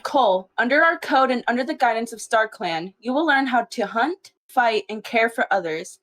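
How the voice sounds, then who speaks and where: A calm, commanding she-cat clan leader, voiced by a woman in a fan-made cat movie. She speaks in a measured way, a little higher than most women.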